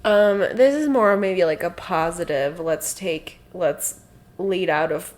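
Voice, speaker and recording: A woman's voice: on the low side, measured pace. A woman co-hosting a podcast, chatting casually with many fillers and bursts of laughter. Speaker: podcast co-host. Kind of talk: casual chat.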